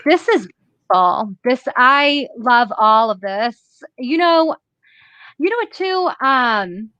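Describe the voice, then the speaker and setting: A woman's voice: fairly high pitch, animated, takes it slowly, pushed and bright, clean tone, highs cut off. A woman host with a Massachusetts accent, chatting enthusiastically in a casual interview and laughing often.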